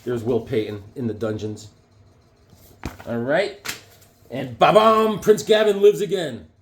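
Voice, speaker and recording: Excited man showing off comics. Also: medium pitch, measured pace. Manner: enthusiastic, rambling, chuckling. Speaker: comic book collector showing his collection. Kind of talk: casual show-and-tell chat.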